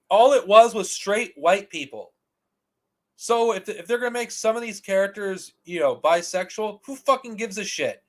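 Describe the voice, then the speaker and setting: High-voiced man ranting angrily. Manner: heated, profane, repeats himself and restarts often. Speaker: commentary channel host. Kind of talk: ranting commentary.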